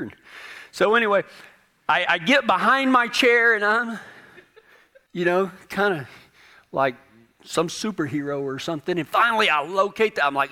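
A man with a fairly high voice spins a humorous personal anecdote. His delivery is animated and self-deprecating, with a folksy storyteller's ease. His tone rings bright and forward. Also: normal speed.

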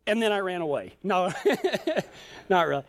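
A preacher from Colorado telling a humorous travel story in a folksy, joking way during a sermon. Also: male voice, sits high, animated, a little slow. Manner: folksy, joking, self-teasing.

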